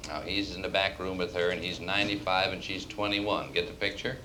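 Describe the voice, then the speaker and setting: Brief: stand-up comedian, man, low but bright, breezy joke teller. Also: little pitch movement, fairly quick, slight background noise, poor audio. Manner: breezy storyteller, laughs at his own punchlines. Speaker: comedian and host.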